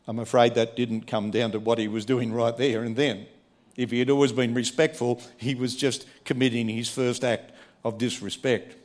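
A man preaching a sermon, emphatic, moving between quiet asides and a raised voice. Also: mid-range voice, fairly even intonation, a little fast. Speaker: pastor.

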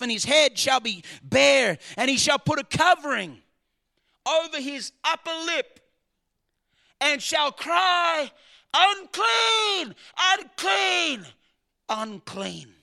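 A man preaching a sermon, swinging dramatically between shouted lines and hushed ones. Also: very high voice, a little slow, creaky.

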